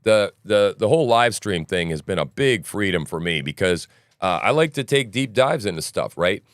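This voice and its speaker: Male host, casual livestream commentary, morning voice, rambling, low and smooth. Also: animated, normal speed, no echo, clean studio sound. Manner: rambling, frequent "right?" asides, joking. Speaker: news commentary podcast host.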